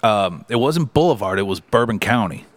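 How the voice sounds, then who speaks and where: A man with a Midwestern American accent, a bar owner telling a story in casual podcast chat, animated and swearing freely. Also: fairly low pitch, normal speed.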